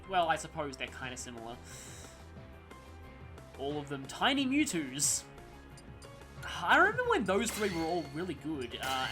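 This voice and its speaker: A gameplay commentator talking casually over a let's-play, rambling through gaming trivia and side stories. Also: medium pitch. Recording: game music playing under voice. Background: game music.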